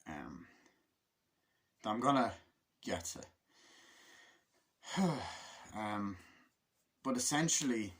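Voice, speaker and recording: A man giving a casual movie review, rambling and excitable, filling his talk with "like" and swearing. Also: fairly low pitch, drawn-out words, pauses often.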